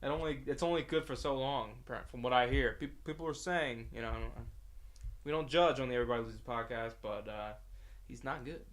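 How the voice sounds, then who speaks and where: A man's voice: mid-range voice, a little fast. A man co-hosting a podcast, talking in wry, meandering casual chat with frequent restarts. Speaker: podcast co-host.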